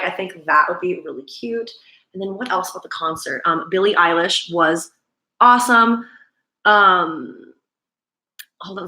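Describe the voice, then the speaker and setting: Chatty woman, bright echoey livestream. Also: lowish voice. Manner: chatty, gushing, full of "like" fillers. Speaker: YouTuber hosting a livestream. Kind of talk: casual livestream chat.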